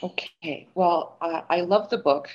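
A woman's voice: fairly low pitch, measured pace, dull audio, a little hiss or hum. An older woman from Montreal, a guest author chatting in an interview and telling stories with lots of fillers. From Montreal, Canada. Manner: chatty, animated storytelling with fillers. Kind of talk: interview chat.

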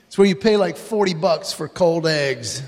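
A man's voice: a little high, lively intonation, normal speed, long reverb tail, noisy background. A man doing stand-up comedy before a live audience, animatedly telling family stories.

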